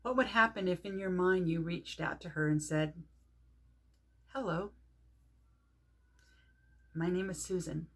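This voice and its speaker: A middle-aged woman leading a guided grounding meditation, calm and unhurried, pausing often between phrases. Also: fairly low pitch. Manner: calm, unhurried, speaks with pauses and soft fillers. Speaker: meditation teacher.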